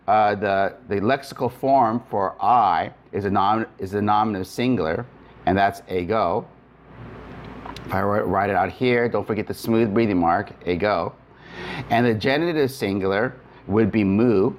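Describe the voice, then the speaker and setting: A man's voice: fairly low pitch, a little slow, a little hiss or hum. A man teaching Greek grammar in a recorded lecture, explaining step by step with frequent fillers and restarts.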